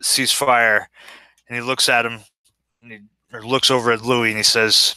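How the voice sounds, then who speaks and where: A man eagerly narrates his character's actions in a tabletop role-playing game and corrects himself as he talks. His voice is very bright and crisp, and the sound is dry. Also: medium pitch, little pitch movement, moderate pace, long pauses, dry recording. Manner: eager, rambling, self-correcting. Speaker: player.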